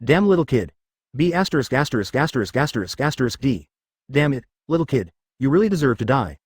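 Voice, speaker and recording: A man's voice: medium pitch, very animated, fairly quick, slightly rough. A man reading the lines of a furious, arrogant legendary male ninja ghost who hurls insults and threats, in a synthetic storybook voice. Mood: raging.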